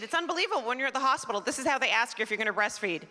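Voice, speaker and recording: A woman's voice: a little high, expressive, very fast, bright, forceful tone. A Canadian woman in her forties doing a chatty, self-mocking stand-up set on a theater stage, teasing the crowd. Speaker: stand-up comedian. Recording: live theater recording, long hall reverb, faint crowd noise.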